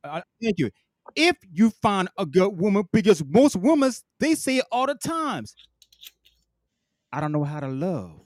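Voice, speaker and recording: A man's voice: sits high, sing-song, measured pace, dry recording, clean studio sound. A man hosting a podcast, arguing emphatically, cutting in again and again to make his point. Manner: emphatic, keeps interrupting with repeated "listen". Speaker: podcast host. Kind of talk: heated casual debate.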